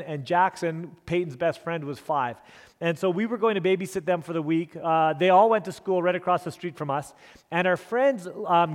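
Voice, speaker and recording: A middle-aged male pastor giving a storytelling sermon, earnest and self-deprecating, with frequent restarts. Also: sits high. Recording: long hall reverb.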